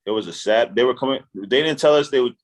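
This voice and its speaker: Male podcast co-host, mid-pitched everyday voice, easygoing and rambling. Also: fast. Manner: relaxed, loose, stumbles and restarts. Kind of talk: casual chat.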